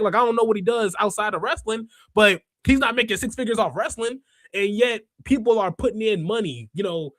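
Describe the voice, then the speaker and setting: A young man hosting a casual wrestling podcast livestream. He rants in an animated way and laughs often. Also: high voice, no echo. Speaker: podcast host.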